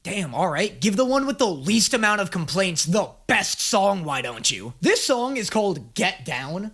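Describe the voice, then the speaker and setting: Excitable, crude man reacting. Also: high voice, a little slow, husky, faint music behind. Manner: excitable, crude, self-mocking. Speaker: reaction video host. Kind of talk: casual reaction commentary.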